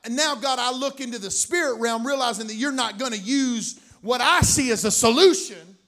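A male pastor preaching a sermon, animated, swinging between loud bursts and quiet asides. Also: extremely high pitch, moderate pace.

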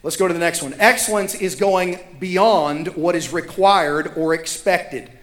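High-voiced pastor preaching. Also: male voice, measured pace, a bit bright, roomy sound. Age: 30s. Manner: emphatic, repeats key lines for effect. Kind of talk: sermon.

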